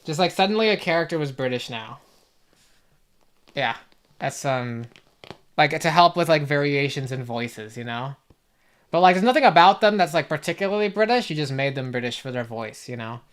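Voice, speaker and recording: Rambling young woman streamer, lowish voice. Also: expressive, moderate pace. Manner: rambling, many fillers and restarts. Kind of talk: casual chat while gaming.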